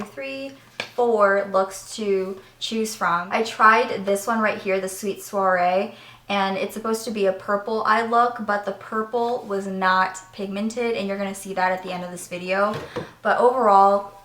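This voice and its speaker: A woman's voice: mid-range voice, fairly bright tone. Chatty woman reviewing makeup, echoey room. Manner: chatty, candid, explaining step by step. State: voice cracking slightly. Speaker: beauty vlogger. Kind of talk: product review and makeup demo.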